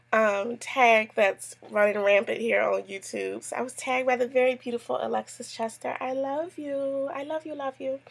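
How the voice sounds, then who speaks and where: A woman's voice: fairly high pitch, vocal fry, husky. A woman, a mother, chatting casually to camera as she answers a tag, telling stories with lots of asides. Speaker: YouTube vlogger answering a tag.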